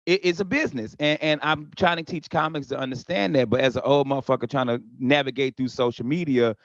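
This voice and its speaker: A man's voice: mid-range voice, fast talker, no room sound. A middle-aged man, a guest comedian, telling stories in a casual podcast chat. He briefly mimics the people he quotes and swears freely. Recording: slightly dull lo-fi sound.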